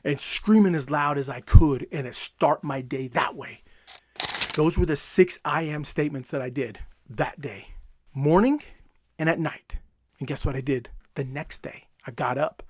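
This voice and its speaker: A man giving an energetic, emphatic motivational talk, repeating phrases for effect. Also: fairly high pitch, unhurried. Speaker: self-help coach.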